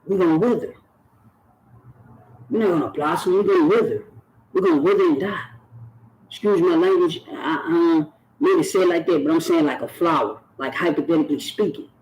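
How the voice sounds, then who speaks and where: Earnest high-voiced man preaching to camera. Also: brisk, long pauses, darkish tone, a little hiss or hum, low-quality recording. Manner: earnest and preachy, repeats phrases for emphasis. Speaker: YouTube channel host. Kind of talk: direct-to-camera talk.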